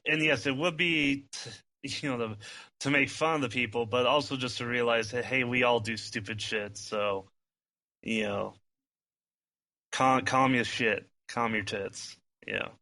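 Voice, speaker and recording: A man's voice: medium pitch, steady tone, unhurried, pushed and bright. A man co-hosting a fan podcast in casual, rambling chat, full of swearing and restarts. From US Midwest. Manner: rambling, profane, laughs often. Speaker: primary podcast co-host.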